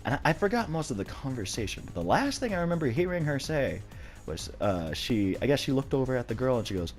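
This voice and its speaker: A man's voice: medium pitch, sing-song, a little fast, soft background music. A young man casually telling a personal story, rambling with many restarts and some swearing.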